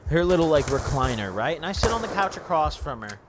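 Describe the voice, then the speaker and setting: A man's voice: on the high side, sing-song, fairly quick, background noise. A young man hosting a gaming channel, telling a profane, rambling story over gameplay and saying "dude" constantly. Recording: gunfire from gameplay behind voice. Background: game gunfire and vehicles.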